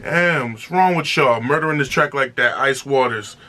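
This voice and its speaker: This is a man on a music reaction video, loose and thrilled, frequently saying things twice and breaking into exclamations. His pitch is medium and his pace moderate.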